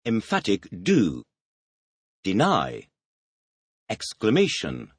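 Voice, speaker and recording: A man reading the teacher's questions in a scripted audio language lesson, announcing words and asking quick questions. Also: medium pitch, huge pitch swings, husky, no room sound, studio quality. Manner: announces words, then fires quick questions with a clipped "please".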